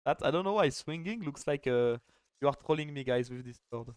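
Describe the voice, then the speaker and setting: A man's voice: medium pitch, lively intonation, brisk, clear, resonant tone, no room sound. A young man casting a live strategy game final, chatty and joking, with lots of "like" fillers. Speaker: esports caster.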